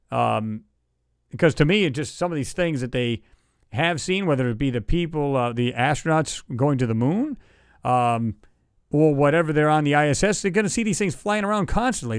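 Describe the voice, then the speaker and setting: A man hosts a casual livestream, chatting in a loose, excitable ramble and answering viewer comments. His voice sits a little high, and the close mic gives a dry sound with almost no room around it. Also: clean tone, dry recording. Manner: rambling, loose and excitable, reads chat aloud. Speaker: livestream host.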